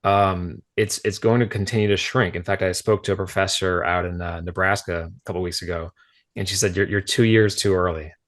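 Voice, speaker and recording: Low-voiced frank man. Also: little pitch movement, a little fast, fairly bright tone. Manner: frank, explanatory, drops in rhetorical "right?". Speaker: guest author, former school principal. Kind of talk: casual podcast conversation.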